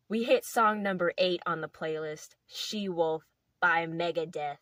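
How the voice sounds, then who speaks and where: A woman's voice: on the low side, a little slow, fairly bright tone, no echo. A young woman casually telling a playful story to camera, rambling with lots of filler words. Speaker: video host.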